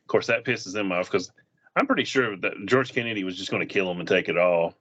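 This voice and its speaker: Low-voiced man retelling movie scenes. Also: expressive, quick pace, a bit bright. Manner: retells scenes, acting out lines in funny voices. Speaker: movie reviewer. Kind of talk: casual film review chat. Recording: dull lo-fi sound.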